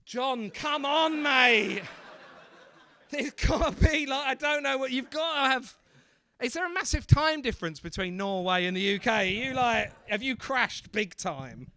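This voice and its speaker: A man working as the MC at a stand-up comedy night, bantering loudly with the crowd and mocking himself. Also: very high-pitched, moderate pace. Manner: loud, swearing, self-mocking banter. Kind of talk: crowd work between acts. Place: comedy club.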